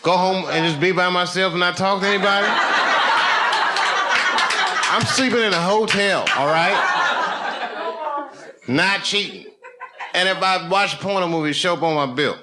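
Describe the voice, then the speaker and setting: A man's voice: high voice, normal speed, long pauses. A man in his fifties doing loose stand-up, chatting and teasing the crowd in a comedy club. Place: comedy club, audience laughing. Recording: noisy club recording.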